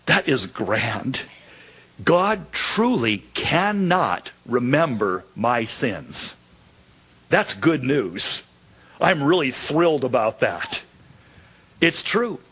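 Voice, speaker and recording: Brief: male pastor, slow deliberate sermon, husky tone, acts out the dialogue. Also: fairly high pitch. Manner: animated preaching, acts out dialogue in quotes.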